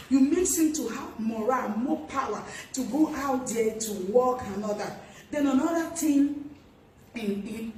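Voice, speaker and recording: A woman in her forties with a Nigerian English accent, giving an earnest, animated marriage talk to women and laughing often through her stories. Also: fairly high pitch. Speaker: marriage speaker. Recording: echoey room, mic at a distance, faint hiss.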